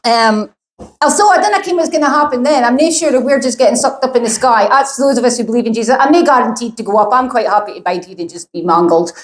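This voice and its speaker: Woman, stand-up comic, profane and rambling, higher voice, roomy echo. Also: fast talker. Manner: rambling, sweary and blunt. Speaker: stand-up comedian. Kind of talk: stand-up comedy set. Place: live comedy venue.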